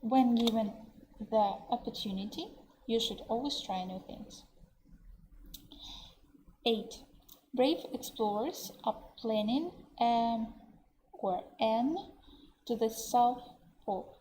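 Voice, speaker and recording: A woman with a Russian accent teaching English vocabulary in an online webinar, explaining words slowly and translating them into Russian. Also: fairly high pitch, warm tone, slight background noise, poor audio. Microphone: computer mic on a webinar.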